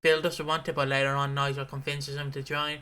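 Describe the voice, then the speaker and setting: A man's voice: medium pitch, flat delivery, a little fast, sharp tone, clean tone. A man co-hosting a podcast in casual chat, rambling and swearing freely. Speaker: podcast co-host.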